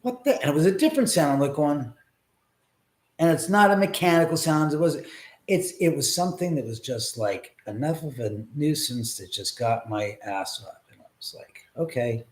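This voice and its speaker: A man's voice: on the high side, moderate pace. A man hosting a casual live stream from his home, telling rambling, profane stories and laughing as he goes. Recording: echoey room.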